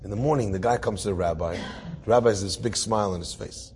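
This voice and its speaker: A man, a rabbi, telling a story in a casual, conversational way, pausing with fillers and restarts and voicing both sides of the dialogue. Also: on the low side, a little mellow, slight background noise.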